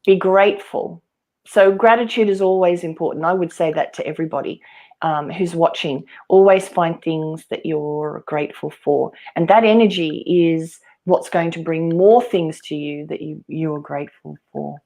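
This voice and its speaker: Low-voiced woman giving tarot readings. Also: moderate pace. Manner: calm, earnest spiritual guidance. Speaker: tarot reader.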